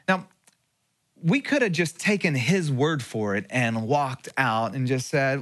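A middle-aged man preaching a sermon as pastor, telling a personal story, dropping to a hush and then rising again. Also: a little high, lively intonation, moderate pace. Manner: storytelling with swings between hushed and raised passages.

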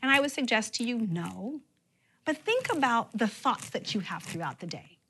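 A woman pastor preaching a sermon, with expressive emphasis and sudden drops to a near-whisper. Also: on the high side, moderate pace, a little hiss or hum.

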